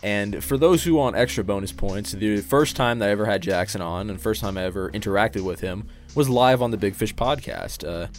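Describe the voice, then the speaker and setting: A male podcast host with a somewhat low voice, joking loosely with his guest. He swears freely in relaxed chat. Faint music sits in the background. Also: fairly quick, hardly any pauses.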